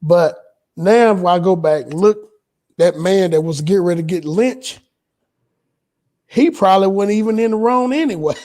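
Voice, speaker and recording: A man's voice: high voice, moderate pace, pauses often, darkish tone. A man in a religious discussion, speaking in a preacherly way with rhetorical questions.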